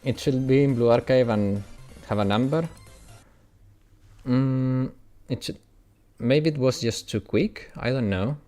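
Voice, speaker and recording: Soft background music plays as an Italian gaming streamer, whose first language is Italian, talks casually with viewers in an Italian accent while playing, laughing frequently. His medium-pitched voice is dark in tone and measured in pace.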